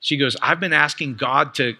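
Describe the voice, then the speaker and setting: A man preaching a casual, excited teaching sermon, quoting others and asking his listeners questions. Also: on the high side, normal speed, big-room sound. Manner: animated, excited, conversational, quotes others.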